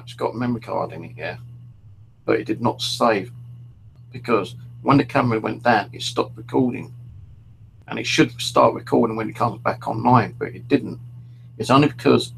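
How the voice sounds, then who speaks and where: A man's voice: medium pitch, creaky, a bit bright, a little hiss or hum, poor audio. A middle-aged man hosting a paranormal stream from home, telling rambling stories casually and swearing freely. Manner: swears freely, storytelling with restarts. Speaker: paranormal livestream host.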